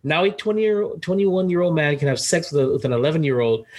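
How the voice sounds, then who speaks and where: A man hosting a casual podcast chat over a video call, animated and quick to laugh, often repeating his words. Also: a little high. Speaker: podcast host.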